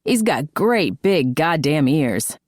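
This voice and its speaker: Woman reading as a trash-talking hockey guy, mocking and needling, low dry voice. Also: sing-song, slow, a little mellow, no echo, exaggerated voice. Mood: teasing. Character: trash-talking male hockey player, teasing.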